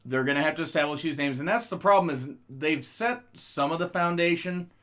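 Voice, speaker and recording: A man's voice: on the high side, a little fast, fairly bright tone. A man co-hosting a podcast, chatting loosely about wrestling, swearing freely and laughing at his own jokes. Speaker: podcast co-host. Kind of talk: casual wrestling chat.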